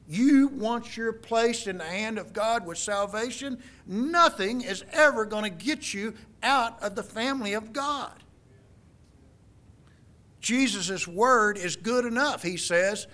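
A man's voice: high-pitched, lively intonation, slow pace, bright, forceful tone. A middle-aged man preaching a sermon, quoting scripture in an emphatic, folksy way. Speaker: pastor.

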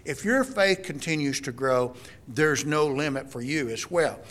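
Male preacher, slightly high voice, earnest teaching sermon with frequent restarts. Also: lively intonation, unhurried, fairly bright tone. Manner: earnest, explanatory, repeats words and restarts.

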